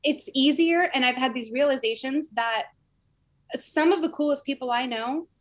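A woman's voice: high voice, moderate pace. A woman who runs a small business, chatting casually and saying "like" often. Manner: chatty, fond of "like". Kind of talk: casual chat.

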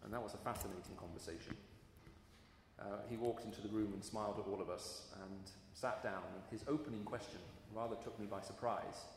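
A man's voice: fairly low pitch, fairly quick, slight background noise. A man giving a sermon, earnest and storytelling, with emphatic rises in his voice, recorded in a large hall. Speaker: preacher. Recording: echoey hall with long reverb.

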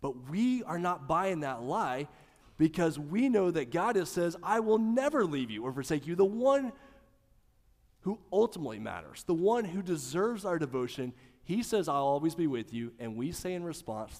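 Guy pastor preaching, gets loud then goes quiet, sounds like a big echoey church. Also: a little high, normal speed. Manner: animated preaching, swings from loud emphasis to hushed. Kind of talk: sermon.

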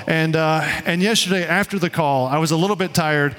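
Pastor guy preaching, kinda high voice, loose and chatty, big echoey church hall. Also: brisk, a bit bright. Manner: conversational, storytelling with quoted voices. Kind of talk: sermon. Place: church sanctuary.

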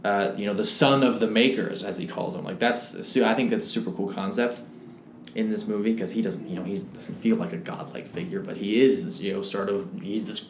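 A man's voice: fairly low pitch, steady tone, brisk. A man co-hosting a film club podcast, recapping a movie in an enthusiastic, rambling way. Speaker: podcast co-host. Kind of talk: casual film discussion. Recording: echoey room with faint noise.

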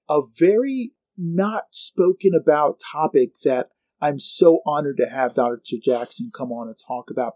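A man's voice: a little high, a little mellow, dry recording, clean studio sound. A man hosting a podcast, introducing and interviewing a guest with enthusiastic, effusive praise. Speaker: podcast host.

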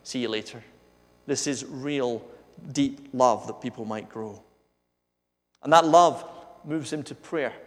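A man with a Scottish accent preaching a sermon in a lively, joking way that builds to emphatic points. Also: mid-range voice, slow. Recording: echoey hall with long reverb.

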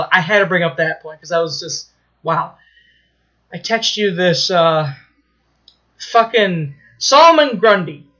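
This podcast co-host, a man, gets excited retelling a plot, dropping swear words and restarting lines as he chats casually. His voice sits high, and the recording has its highs cut off.

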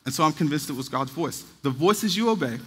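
Husky-voiced man preaching in a reverberant hall. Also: fairly high pitch, lively intonation, a little fast, a bit bright. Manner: earnest, conversational preaching with acted quotes. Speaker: pastor. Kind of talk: sermon. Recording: long reverb of a large hall.

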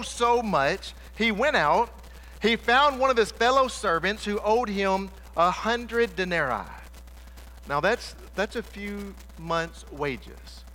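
A man's voice: sits high, bright, forceful tone, rough recording. A man preaching a sermon to a congregation in church, emphatic and repetitive, driving points home with rhetorical questions.

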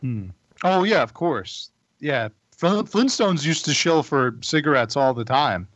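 A man co-hosting a casual chat, talking haltingly and stumbling over his words. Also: fairly high pitch, expressive, fairly bright tone, dry recording. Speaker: co-host. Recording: dull, dry recording.

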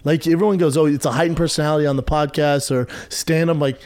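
A man talking as a podcast guest in a loud, emphatic way, exaggerating his points. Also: on the high side, fairly even intonation, quick pace, no room sound. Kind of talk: casual chat.

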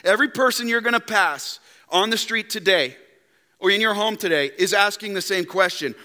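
Bright-voiced preacher in a reverberant church. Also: male voice, high voice, moderate pace. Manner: emphatic, with sudden drops to quiet rhetorical questions. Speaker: pastor. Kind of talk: sermon. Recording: long reverb in a church hall.

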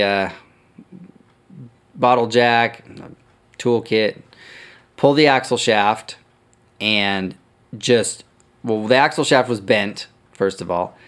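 Telling a casual story on his podcast, this man speaks in a smooth, slightly bright voice on the low side. He swears freely and corrects himself as he goes.

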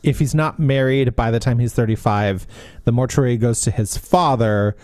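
A man co-hosting a podcast, chatting casually about books, animated and laughing as he acts out quotes. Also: mid-range voice, normal speed, dry recording, clean studio sound. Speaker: podcast co-host. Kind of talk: casual book discussion.

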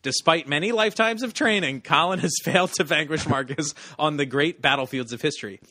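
A man's voice: on the high side, fairly quick, pushed and bright, no echo, studio quality. A man hosting a casual podcast, reading out descriptions and chatting with laughs. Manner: reads descriptions aloud with laughs. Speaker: podcast host.

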